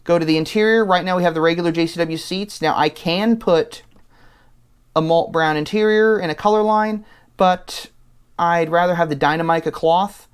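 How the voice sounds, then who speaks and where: Casting: male host, smooth clear voice, relaxed think-aloud voice-over. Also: fairly high pitch. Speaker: channel host. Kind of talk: casual voice-over walking through an online car configurator.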